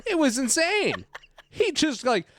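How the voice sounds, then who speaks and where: On a movie podcast, a male co-host chats casually about the film, laughing often and acting out its quotes. His voice sits on the high side with big pitch swings and a moderate pace, and there's no room sound.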